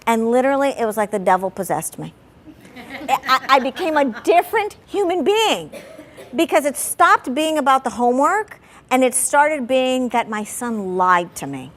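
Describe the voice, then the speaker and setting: A woman family therapist talking candidly about parenting, animated and full of "like", acting out her own past anger. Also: sits high, normal speed.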